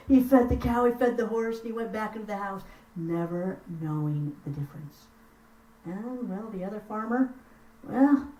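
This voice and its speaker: A woman telling folk tales at a live house concert, expressive and chatting with the audience. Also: on the high side. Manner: expressive, lively, chats with the audience. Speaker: storyteller. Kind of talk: live storytelling performance. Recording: roomy sound from far off.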